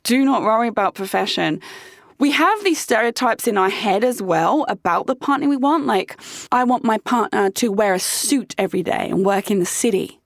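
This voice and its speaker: A woman's voice: on the high side, expressive, moderate pace, no room sound, studio quality. A young adult woman hosting a casual solo podcast, talking frankly and chattily, swearing freely and saying "like" often. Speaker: podcast host.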